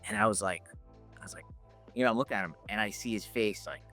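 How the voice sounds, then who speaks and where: Man, podcast guest, animated storytelling, forceful bright tone, dry close sound, faint music. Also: fairly low pitch, fast, no room sound. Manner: animated anecdotes with laughs and quoted voices. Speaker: podcast guest, options educator. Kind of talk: casual storytelling.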